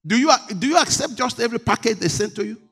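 A man's voice: very high voice, lively intonation, quick pace, gravelly, fairly bright tone, slightly rough. A man preaching a sermon, leading the congregation in call-and-response and rising to emphatic declarations. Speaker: pastor.

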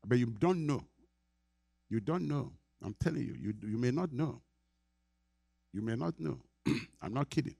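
A man's voice: mid-range voice, animated, measured pace, creaky, pauses often, warm tone, husky, dry recording, studio quality. A middle-aged Nigerian man preaching a sermon as pastor, earnest, repeating his phrases and laughing often.

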